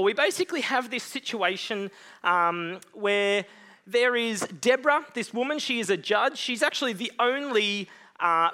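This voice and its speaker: A man's voice: sits high, bright, forceful tone. A young man preaching as a guest speaker in a church, chatty and self-mocking, with lots of "um"s. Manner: casual and chatty, many "um"s, self-mocking humor. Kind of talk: sermon.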